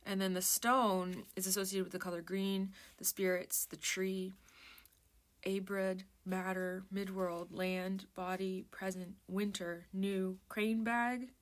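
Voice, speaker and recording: A woman's voice: mid-range voice, level tone, slow pace. Rambling, chatty woman vlogger. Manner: rambling, self-interrupting, chatty; reads lists aloud in a musing murmur. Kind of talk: casual chat while browsing a book.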